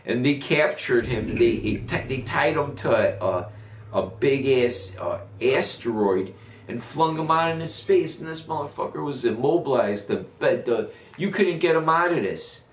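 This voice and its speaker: Guy on a game stream ranting and cussing, rambly, mid pitch, echoey room. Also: expressive, normal speed, slight background noise. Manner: rambling, profane movie rant. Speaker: gaming livestreamer. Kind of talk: casual chat while streaming.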